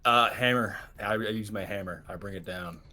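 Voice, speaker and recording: Brief: man as a simple, earnest young hero in a tabletop game, low voice, bright tone. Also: moderate pace, soft background music. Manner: earnest, hesitant, simple replies.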